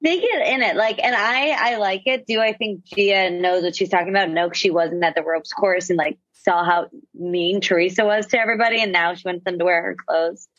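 A woman's voice: fairly low pitch, brisk, few pauses, no echo. Opinionated woman on dull, dry audio. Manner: opinionated, animated quoting. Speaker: podcast co-host. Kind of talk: casual reality-TV recap chat.

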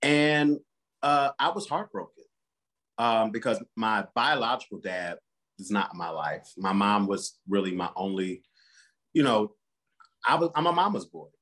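A man's voice: fairly low pitch, animated, a little slow, fairly bright tone. A man, a pastor and interview guest, telling a personal story candidly and earnestly, acting out the quotes.

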